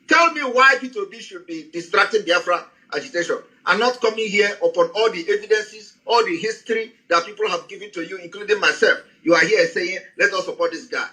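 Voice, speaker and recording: A man giving a heated, scolding address to listeners on an audio space, shouting as he speaks. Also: high voice, rough recording.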